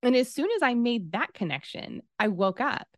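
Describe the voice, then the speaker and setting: A woman in her thirties telling a personal story in casual conversation, acting out the quoted dialogue with lively swings in her voice. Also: a little high, moderate pace, no room sound, clean studio sound. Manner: animated, acts out quoted dialogue.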